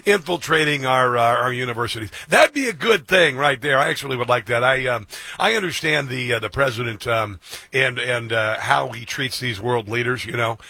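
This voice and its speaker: A man's voice: medium pitch, normal speed, creaky, pushed and bright, slightly rough, dry recording. A man hosting a political talk radio show, rambling combatively with lots of fillers and restarts.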